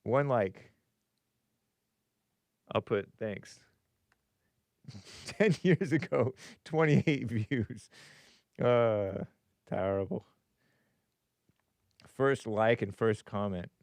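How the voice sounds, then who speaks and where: A man's voice: on the low side, lively intonation, drawn-out words, pauses often, a little mellow, dry recording, clean studio sound. A man hosting a live call-in stream, musing aloud with frequent chuckles and reading viewer comments.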